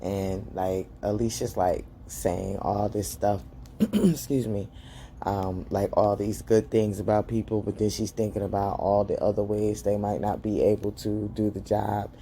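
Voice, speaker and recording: Woman host doing a gossipy show recap, mellow tone, animated, acts out the characters. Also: a little slow, slight background noise. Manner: chatty, gossipy, talks straight to viewers as "girl"; animated, acts out the characters' lines in high voices. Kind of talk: casual TV episode recap.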